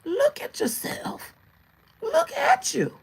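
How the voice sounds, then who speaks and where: A sassy old lady with a sharp, high tone, as a woman puts her on. Her pitch swings wildly, and her voice sounds gravelly and raspy. She is blunt and insists she never said anything shady. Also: huge pitch swings, takes it slowly, exaggerated voice. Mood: indignant. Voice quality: shrill and indignant. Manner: throws shade, then denies it.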